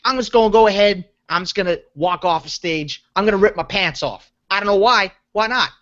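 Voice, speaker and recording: A man's voice: high-pitched, fairly quick, a bit bright. A man with a Long Island accent voicing a brash, hot-tempered male mobster who rambles and boasts in tough-guy patter. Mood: swaggering. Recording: dull lo-fi podcast audio.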